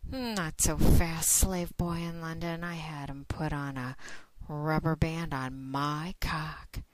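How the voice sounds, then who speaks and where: A woman hosting an adult podcast in a slow, teasing, drawn-out monologue with sighs. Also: deep voice, steady tone, dry recording, rough recording. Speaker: podcast host.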